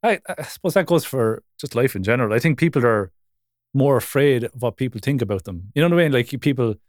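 A man in relaxed podcast chat, musing over everyday things with easy laughter. His voice sits at an ordinary pitch and is recorded close and dry. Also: no echo. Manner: easygoing and reflective, quick to laugh. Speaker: podcast co-host. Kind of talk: casual chat.

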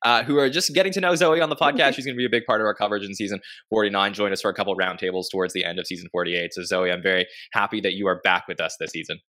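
A man's voice: lowish voice, steady tone, racing, hardly any pauses, bright, forceful tone. A man hosting a podcast, introducing each guest in an upbeat, casual way. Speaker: podcast host.

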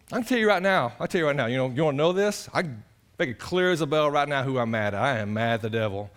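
Preacher guy, talks real fast, kinda high voice, fired up sermon. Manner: animated, impassioned, acts out voices of others. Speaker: pastor.

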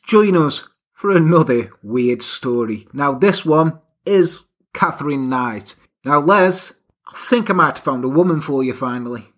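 A man's voice: a little high, expressive, unhurried, fairly bright tone. A man hosting a podcast, chatting casually and teasing his co-host while telling a story. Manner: jokey, teasing, playful banter. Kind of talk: casual comedic chat and storytelling.

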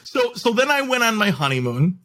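A man's voice: sits high, big pitch swings, moderate pace, a bit bright. A young man in casual conversation, chatty and easygoing, often filling his sentences with "like" and restarting them. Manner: chatty, heavy use of "like" and restarts. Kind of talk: casual chat.

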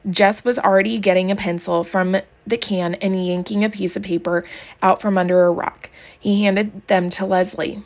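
A woman's voice: mid-range voice, steady tone, normal speed. Woman reading a novel aloud. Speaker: audiobook reader.

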